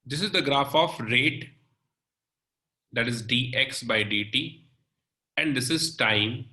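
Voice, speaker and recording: A man teaching chemistry in a recorded lecture, explaining slowly step by step and often checking in with "okay" and "right". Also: medium pitch, pushed and bright, roomy sound, low-quality recording.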